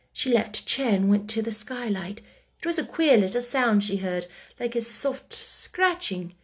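A woman reading a children's book aloud chapter by chapter, soft and gentle, dropping to a whisper at tense moments. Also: a little high, animated, unhurried, slightly rough. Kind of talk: chapter-by-chapter read-aloud storytelling.

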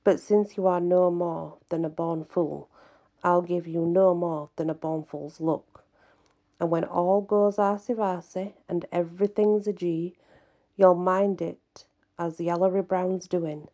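Lady doing a spiteful tiny imp guy, sneery and low, slow and hushed. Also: steady tone. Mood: taunting. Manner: sly, taunting, hushed. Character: wicked wrinkled little male imp, mocking. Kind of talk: storybook reading.

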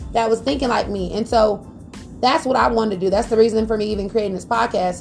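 High-pitched, gravelly woman podcast host. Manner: lively, preachy, talks straight to listeners. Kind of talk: motivational business podcast talk.

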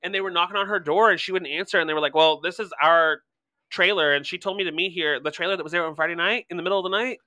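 A man co-hosting a casual podcast chat, telling animated, swear-laden stories. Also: high voice, racing, hardly any pauses, no echo. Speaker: podcast co-host.

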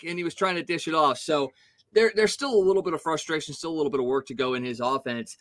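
A man co-hosting a sports podcast, giving animated, opinionated hockey analysis in casual talk. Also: on the high side, quick pace, no room sound. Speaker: podcast co-host.

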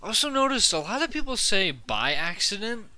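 Bright-voiced man telling loose stories. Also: high voice, moderate pace. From Canada. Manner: loose, animated storytelling with swearing and laughs. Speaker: podcast co-host. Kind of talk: casual chat among friends.

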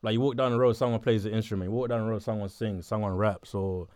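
Laid-back South London man, low voice. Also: fairly even intonation, fast, darkish tone, no echo, studio quality. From Botswana, raised in southeast London. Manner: laid-back, chatty, laughs often, repeats words. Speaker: interviewee. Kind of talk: casual interview chat.

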